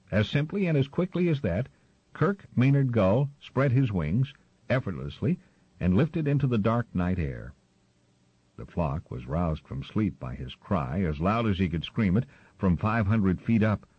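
Man, audiobook narration, husky low voice, lively delivery, dry muffled recording. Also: unhurried, no room sound. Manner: expressive storytelling. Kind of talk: scripted narration.

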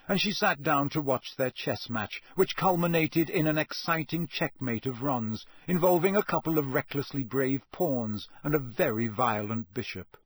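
A man reading a storybook aloud as an audiobook narrator, in a steady, even storytelling manner. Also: medium pitch, normal speed, hardly any pauses, dry recording. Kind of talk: scripted narration.

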